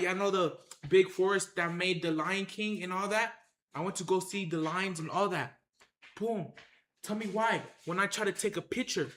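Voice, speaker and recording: A man with a high, bright voice tells a rambling tale on a livestream, looping back over himself and calling out to his viewers. The sound bounces around an echoey room. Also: slight background noise. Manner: animated, repetitive, addresses the chat directly.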